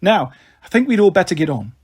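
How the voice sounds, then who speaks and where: A man's voice: high-pitched, very animated, a little fast, darkish tone, husky, exaggerated voice. A man reading aloud, voicing a stern, fussy mother who scolds her daughters in a storybook. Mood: scolding. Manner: scolding, exasperated.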